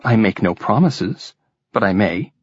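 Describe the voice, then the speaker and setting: A man voicing a captive male Secretary General who speaks cautiously and with measured words. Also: on the low side, animated, breathy edge, no room sound. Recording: dull lo-fi recording.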